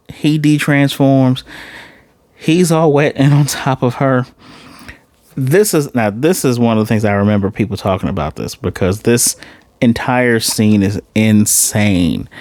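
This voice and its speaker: A man casually recapping and reviewing an anime episode, excitable and animated, often jumping into high-pitched voices to retell scenes. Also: no echo. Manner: excitable, laughing reactions, restarts.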